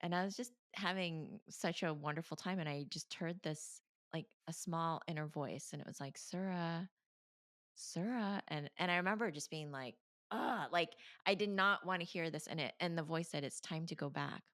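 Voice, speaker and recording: A woman, a meditation coach, candidly telling her story in an interview, animated, laughing often and acting out her past self. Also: deep voice, normal speed, no room sound, clean studio sound.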